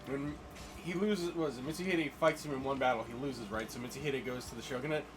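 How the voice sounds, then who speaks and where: A man's voice: medium pitch, quick pace, noisy background. A young man chatting casually over a game he's playing, telling stories and acting out scenes. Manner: chatty, animated storytelling, acts out lines. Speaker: gaming co-host. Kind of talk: casual let's-play chat.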